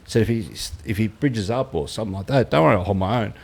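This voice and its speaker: A man's voice: fairly low pitch, fast, gravelly, a little mellow, breathy edge. A middle-aged Australian man, a former fighter, chatting on a podcast in a blunt, sweary way and acting out quotes as he tells stories. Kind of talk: casual podcast chat.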